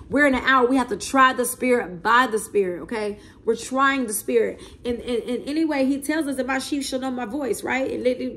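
Woman, prophetic preacher, slightly high voice, repeats okay and right. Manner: repetitive, emphatic, asks okay and right often. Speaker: self-described prophet.

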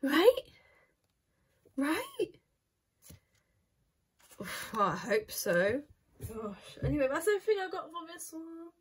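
Young female host, casual unboxing chat, higher-pitched and excitable, rambling. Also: noisy background. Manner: excitable, gasping and exclaiming over each item; chatty, thinks aloud with many "like"s. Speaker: channel host.

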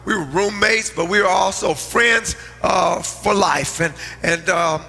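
A middle-aged man, a pastor preaching a sermon and telling stories, swinging from loud outbursts to hushed asides. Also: sits high, unhurried, creaky. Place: church sanctuary. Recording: long hall reverb, faint music.

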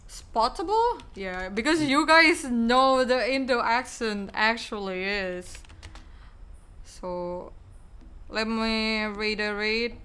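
Slow-talking young Indonesian woman streamer. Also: fairly high pitch, fairly bright tone, smooth. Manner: chatty, rambling, repeats words and goodbyes. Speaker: game streamer. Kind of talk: casual stream sign-off chat.

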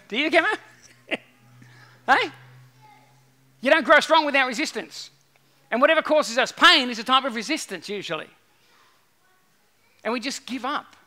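Male pastor, high voice, very bright tone, animated sermon delivery. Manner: animated preaching with repeated phrases and acted-out quotes.

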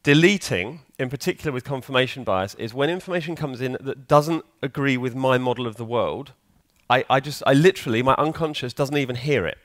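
In a conference hall, a man delivers a conversational talk and keeps putting questions to the audience. His mid-range voice is a bit bright and fairly quick, with hardly any pauses. The sound is clean studio quality with no room sound.

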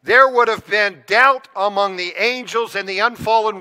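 A man's voice: high voice, moderate pace, few pauses, pushed and bright, smooth. A man preaching a sermon to his congregation, earnest and often putting questions straight to them. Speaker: pastor. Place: church sanctuary. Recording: long church reverb.

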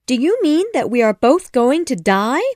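A woman's voice: high-pitched, huge pitch swings, slow, darkish tone, no room sound, clean studio sound, voice pushed up, heavily acted. A woman voicing a tired, worried young girl who asks anxious questions in a storybook reading.

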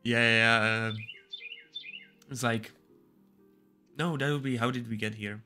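A man's voice: medium pitch, steady tone, a little slow, pushed and bright, faint music behind. A young man streaming a game, chatting casually with crude jokes and frequent laughter. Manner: joking, crude, laughs often. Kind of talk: casual gaming stream chat.

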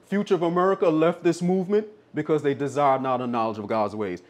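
A man's voice: fairly high pitch, steady tone, fast. A man preaching a sermon, insistent and repeating his points for emphasis.

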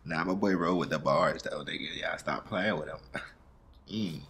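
A man's voice: extremely low pitch, measured pace, sharp tone, a little hiss or hum. An American man hosting a reaction video, chatting in a laid-back, slangy way and hyping up the track as it plays. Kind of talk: casual reaction commentary.

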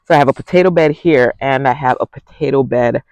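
A man's voice: mid-range voice, a little fast, no echo. Chatty man showing off his garden. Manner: chatty, excitable, often says "y'all". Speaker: garden vlogger. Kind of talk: casual walk-through vlog. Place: outdoor home garden.

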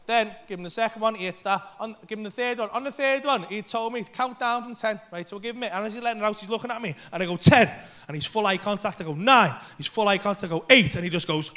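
Performing stand-up in a comedy club, a man races through a rambling, swear-filled story, acting out his own panic in a high, slightly bright voice with hardly a pause. The live recording carries audience laughter.

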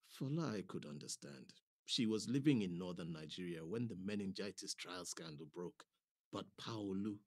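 A man's voice: low-pitched, lively intonation, normal speed, a little mellow. A man performing a dramatic monologue as a nurse, telling a story vividly and switching between voices.

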